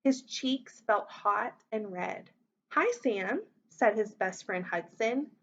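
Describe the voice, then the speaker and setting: A woman teacher reading a children's story aloud, voicing the characters with big expressive lifts in pitch. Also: takes it slowly, gravelly, muffled recording.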